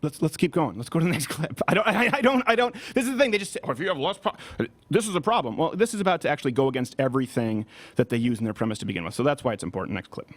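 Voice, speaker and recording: A man hosting a political commentary show from a studio, with an animated, mocking delivery. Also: medium pitch, racing. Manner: animated, mocking, breaks into shouted impressions. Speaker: talk show host.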